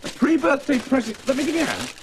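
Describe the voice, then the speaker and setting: A man's voice: extremely high pitch, fast talker, slight background noise. A man hosting a comic children's puppet show, fussing and exasperated as he keeps giving in.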